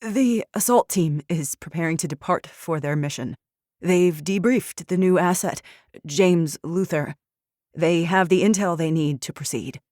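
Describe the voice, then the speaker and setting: A man's voice: a little high, a little slow, a little mellow, no echo, clean studio sound, lightly acted. A woman doing a nervous, timid aide. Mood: dutiful report. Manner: timid, stammering. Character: nervous male aide, jittery and eager.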